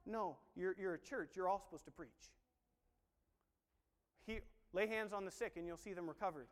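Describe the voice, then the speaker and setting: A man preaching a sermon, acting out dialogue in voices and swinging from quiet talk to shouting. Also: sits high, moderate pace, long pauses, in a large hall.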